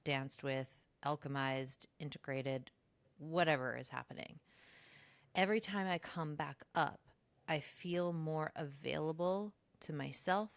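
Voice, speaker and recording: A woman co-hosts a podcast of casual spiritual chat, speaking reflectively at a measured pace in a creaky voice with no echo. She leans on "like" and other fillers, and when quoting herself she slips into high, mocking voices.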